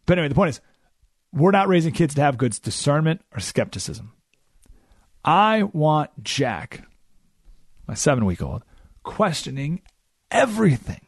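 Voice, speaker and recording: A man's voice: fairly high pitch, huge pitch swings, a little slow, pauses often, no room sound. A man hosting a radio talk show, delivering an emphatic, sarcastic opinion monologue from a studio.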